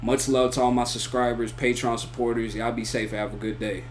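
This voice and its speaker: A man's voice: medium pitch, flat delivery, a little fast, a little hiss or hum. A man giving a casual, rambling spoken review of an anime, full of slang and repeated "you feel me" and "bro". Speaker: anime reaction YouTuber.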